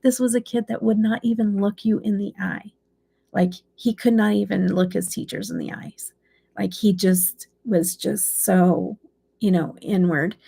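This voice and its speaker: A woman's voice: mid-range voice, steady tone, measured pace, creaky, dark tone, breathy edge. A middle-aged woman chatting casually to her viewers, rambling and emotional as she tells a story about her son. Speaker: beauty channel host. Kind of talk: casual chat.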